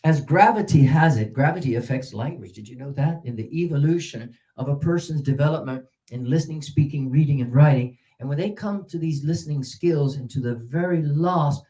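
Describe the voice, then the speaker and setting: An older American man teaching English pronunciation, drawing out example words and swinging between loud and soft. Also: a little high, a little fast, hardly any pauses.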